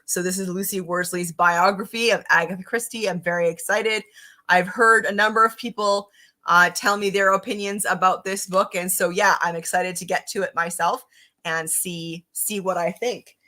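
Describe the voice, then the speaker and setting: A woman with a bright, forward voice sitting a little low in pitch hosts a relaxed live stream about books. She talks in a chatty, upbeat way, reading viewer comments aloud and answering them. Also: normal speed. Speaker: book channel host. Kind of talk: casual live-stream book chat.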